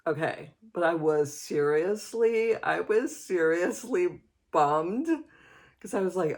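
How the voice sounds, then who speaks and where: A woman hosting a knitting show, chatting casually and telling an animated story full of fillers and restarts. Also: fairly low pitch, slow. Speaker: knitting podcast host. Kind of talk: casual chat.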